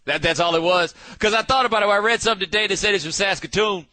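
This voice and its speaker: A man hosting a sports talk show, riffing in a casual, animated way with frequent restarts. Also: high-pitched, racing.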